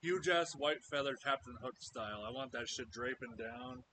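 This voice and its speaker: A man's voice: medium pitch, normal speed, sharp tone. A man playing a tabletop game who talks in character as a bold ship captain, in a playful way. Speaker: player. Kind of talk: in-character tabletop role-play. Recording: hissy recording.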